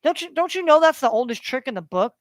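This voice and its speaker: A man's voice: very high voice, very animated, fast talker, no room sound. A man delivering a preachy, profanity-laden rant to his viewers, hammering points by repeating them. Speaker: vlogger. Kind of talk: ranting monologue.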